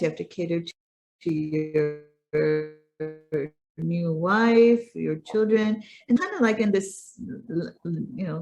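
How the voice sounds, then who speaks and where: A woman's voice: lowish voice, darkish tone. Chatty woman with an American-Pakistani accent. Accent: American with a Pakistani tinge. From United States. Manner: chatty, with frequent fillers and restarts. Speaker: interview guest. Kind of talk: casual conversational storytelling.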